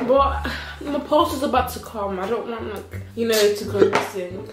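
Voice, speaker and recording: Young woman, pleading daughter, soft defensive, echoey room. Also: fairly high pitch, normal speed, background noise. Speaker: daughter in skit. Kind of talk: comedic family skit. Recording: echoey room with music behind.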